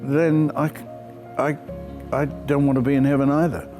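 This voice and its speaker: An older man, an actor telling stories from his life in an interview with clear, projected speech and frequent self-deprecating laughter. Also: medium pitch, flat delivery, normal speed, over music. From Australia. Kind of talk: reflective storytelling interview.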